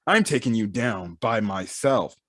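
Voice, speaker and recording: A man's voice: on the low side, lively intonation, unhurried, a bit bright, no room sound, studio quality, voice pushed down. Brief: man doing defiant young male manga fighter, stubborn, brash.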